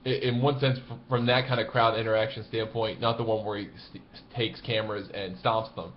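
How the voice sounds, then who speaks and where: A man with a low voice tells a story in a relaxed, chatty way and gets animated as he goes. The audio is a bit dull and lo-fi. A faint hiss sits under his voice. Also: a little fast. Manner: conversational, animated, laughs while telling. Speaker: golf blogger. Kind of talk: casual storytelling to camera.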